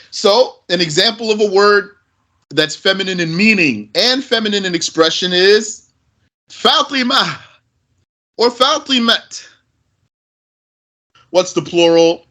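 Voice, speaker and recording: Man, grammar teacher, lively rising and falling pitch, slightly high voice, asks and answers his own questions. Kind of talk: explaining a grammar text.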